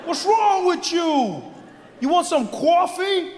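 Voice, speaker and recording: A man voicing a hot-headed city pedestrian who yells indignantly at cars, in an echoey live venue with audience noise. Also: very high voice, expressive, takes it slowly, pitched above the performer's own voice, heavily acted. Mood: indignant yelling. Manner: shouting, indignant.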